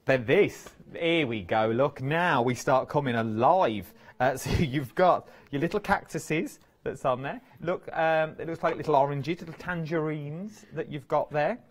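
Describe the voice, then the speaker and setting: A man's voice: fairly high pitch, unhurried, few pauses. A man presenting crafts on a live TV shopping channel, chatty and playful. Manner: chatty, playful, lively banter. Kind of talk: live TV sales chat. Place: TV studio.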